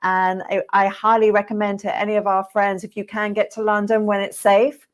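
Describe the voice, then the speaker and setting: Brief: earnest woman interviewer, mid pitch, warm-hearted thanks, video-call sound. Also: little pitch movement, brisk. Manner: effusive, earnest, grateful. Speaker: host. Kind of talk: interview hosting.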